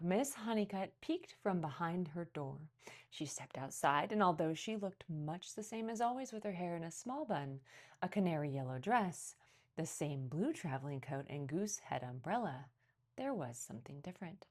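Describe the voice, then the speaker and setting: A woman reading a picture book aloud as a children's librarian, telling the story expressively. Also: normal speed. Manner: expressive storytelling, lively pitch.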